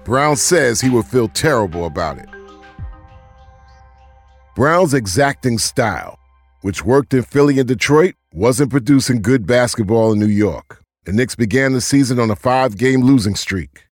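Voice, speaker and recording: A man giving scripted documentary narration in a measured, even delivery. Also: mid-range voice. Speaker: podcast narrator.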